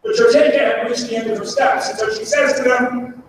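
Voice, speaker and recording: High-voiced man telling a story in a hall. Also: fairly quick, noisy background. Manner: animated storyteller voicing quoted people. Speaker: conference speaker. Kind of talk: storytelling keynote speech. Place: large hall. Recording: echoey hall from far off.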